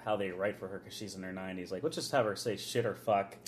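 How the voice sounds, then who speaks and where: A man's voice: sits low, fast talker, slight background noise. A man talking in a casual podcast chat, thoughtful and laughing between points. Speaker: podcast panelist.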